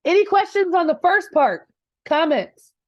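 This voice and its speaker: Her voice is very high, swinging widely in pitch at a measured pace, slightly mellow, on a lo-fi recording. She's a real estate coach leading a live class, talking directly and conversationally and checking in with her audience, peppering her speech with rhetorical "right?"s.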